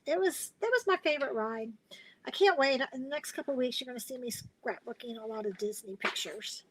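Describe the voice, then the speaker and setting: Middle-aged woman, chatty live-stream craft host, slightly high pitch, loose storytelling. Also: slight background noise, rough recording. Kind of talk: casual live-stream chat.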